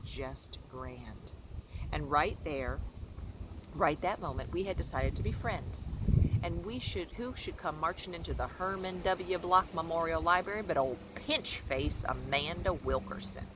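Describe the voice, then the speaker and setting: A woman's voice: fairly low pitch, moderate pace, far from the mic, background noise. A woman reading a children's novel aloud, narrating expressively. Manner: expressive storytelling with varied voices. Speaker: reader. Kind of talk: children's book read-aloud.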